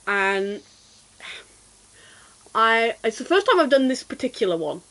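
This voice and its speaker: A woman's voice: on the high side, big pitch swings, a little slow, sharp tone, rough recording. Giggly chatty british woman streaming. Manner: chatty, self-deprecating, giggly, exclaims at the game. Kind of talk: casual gameplay chat.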